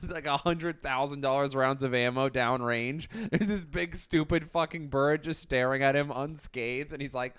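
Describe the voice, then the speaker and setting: Man, young adult, comedy podcast co-host, crude and laughing, smooth resonant voice, dry close sound. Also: mid-range voice, normal speed, few pauses, fairly bright tone, no room sound. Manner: crude, laughing, rambling storyteller. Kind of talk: casual comedic chat.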